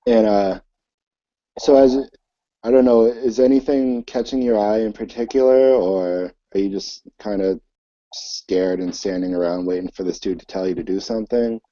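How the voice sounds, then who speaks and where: A man narrating a tabletop game as game master, halting and full of fillers. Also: fairly low pitch, steady tone, dark tone, no echo. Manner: hesitant, many fillers. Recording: dull lo-fi recording.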